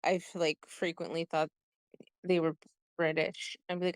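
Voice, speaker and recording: A woman's voice: on the low side, flat delivery, unhurried, dry recording. Giggly American woman, dry close sound. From United States. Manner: chatty, giggly, many fillers. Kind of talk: casual chat.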